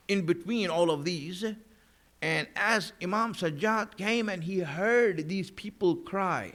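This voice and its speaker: A man's voice: high voice, fairly bright tone. A man delivering a mourning sermon in a conversational way, with many fillers and restarts, at a mosque. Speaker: religious speaker. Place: mosque hall.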